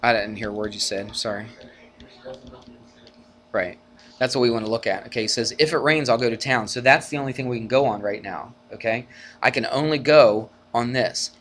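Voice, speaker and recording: A math teacher gives a college algebra lecture in a relaxed, conversational style, checking in with students through rhetorical questions. He's animated, acting out arguments as his voice rises in energy. His voice is mid-range and his pace normal.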